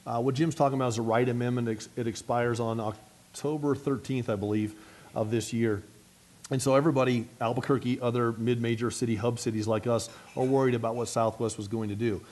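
A middle-aged man, a city mayor, giving an energetic luncheon speech and answering questions, talking fast with frequent restarts. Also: medium pitch.

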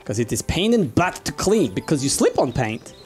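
A man's voice: on the high side, big pitch swings, normal speed, a little mellow, soft background music. A man chatting casually while playing a co-op video game and giving directions to his teammates. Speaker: gamer. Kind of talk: casual co-op gameplay chat.

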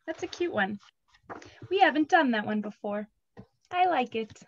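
A preschool teacher in her thirties leads children's story time, singing simple songs and reading a picture book aloud gently and expressively. Her voice is a little high at a normal speed, and the recording sounds dull and lo-fi.

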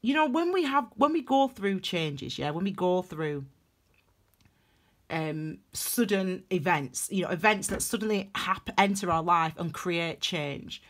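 A young woman giving a casual tarot reading to camera, emphatic and animated, repeating phrases for stress. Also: lowish voice, unhurried. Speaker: tarot reader.

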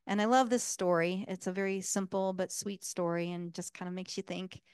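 A woman's voice: fairly low pitch, fairly even intonation, normal speed, a little mellow, clean tone, no echo, clean studio sound. A woman giving a casual public talk as guest speaker, enthusiastic and full of fillers.

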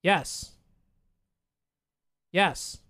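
A streamer giving casual live commentary on their own card game, muttering, swearing and breaking into excited outbursts. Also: drawn-out words, no room sound, studio quality. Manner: chats to chat and opponent.

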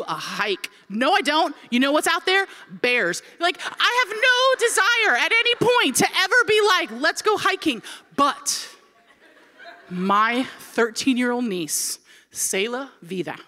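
A woman in her forties from Florida, a pastor telling a funny story in a sermon and acting out the people in it. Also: high voice. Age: 40s. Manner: animated, comic, acts out quoted voices.

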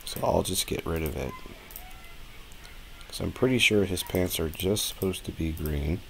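Low-voiced man streaming a tutorial. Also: measured pace, gravelly, slight background noise. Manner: relaxed, rambling, thinking aloud with fillers. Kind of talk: casual live-stream tutorial.

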